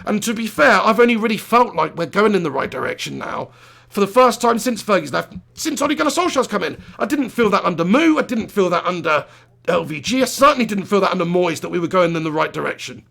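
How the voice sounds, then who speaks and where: A man's voice: high-pitched, animated, fast talker, creaky, fairly bright tone. A man hosting a football live stream from a small home studio, talking passionately, swearing freely and reading out viewer messages. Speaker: live-stream host reacting to a football match. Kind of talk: live-stream chat and fan rant.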